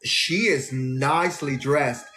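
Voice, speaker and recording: A man who works as a flight attendant, telling a rambling, animated story on a live stream. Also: mid-range voice, slow, faint music behind.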